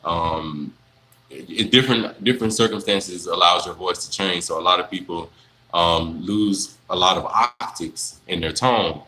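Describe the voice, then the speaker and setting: A young man, chatting casually on a livestream, answering viewers in a relaxed, rambling way full of fillers. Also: sits low, a little slow, low-quality recording. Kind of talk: casual live Q&A chat.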